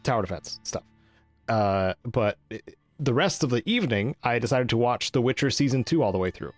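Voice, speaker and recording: A man's voice: mid-range voice, expressive, brisk, no echo, soft background music. A man co-hosting a gaming podcast in casual chat, rambling with many ums and restarts. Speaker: podcast co-host.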